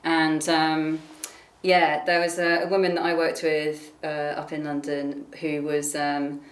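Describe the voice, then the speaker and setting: A woman hosting a casual chat, reading out local event listings in a relaxed way. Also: low-pitched, measured pace. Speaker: host. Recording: echoey room.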